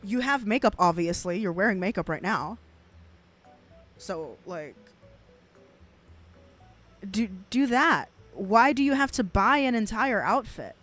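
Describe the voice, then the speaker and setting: In a mid-range, fairly bright voice, this twentysomething streamer from South Texas reacts to clips with a regional accent, blunt and profane. She talks at a measured pace with long pauses and animation, often laughing to herself and restarting her rambling thoughts, with faint music behind her.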